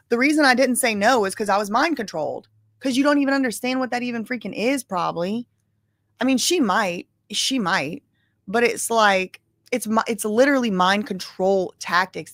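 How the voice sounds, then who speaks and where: A woman's voice: mid-range voice, a bit bright, no room sound. Chatty woman giving her opinions. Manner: chatty, opinionated, says "like" and "y'all" often. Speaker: live-stream commentator. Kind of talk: casual commentary on trial testimony.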